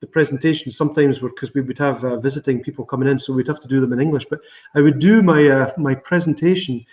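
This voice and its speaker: A middle-aged man with a Scottish accent, a winemaker chatting on a video call and telling stories with lively laughter. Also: mid-range voice, fast talker. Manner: chatty, laughs often, animated storytelling. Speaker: winemaker guest. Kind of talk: virtual tasting interview. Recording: roomy, slightly dull video call audio.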